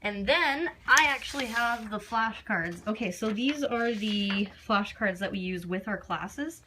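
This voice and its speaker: A young woman teacher talks through a classroom lesson in a chatty, casual way. She uses plenty of fillers and acts out the prompts she gives her class, at a middling pitch for a woman. A faint hiss of noise sits under the voice. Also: expressive, unhurried, sharp tone. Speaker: English teacher.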